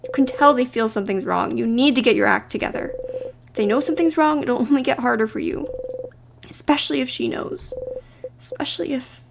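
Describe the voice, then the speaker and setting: A woman streamer narrating a game playthrough aloud in an expressive way, shifting between hushed and loud. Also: a little high, quick pace, vocal fry, background noise.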